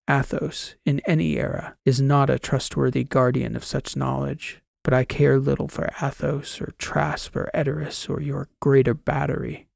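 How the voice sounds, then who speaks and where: A calm, formal old android with a very gravelly voice, as a male narrator puts him on. He speaks in precise, measured sentences and pleads earnestly. The sound is dry and close, as in a storybook reading. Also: medium pitch, no room sound.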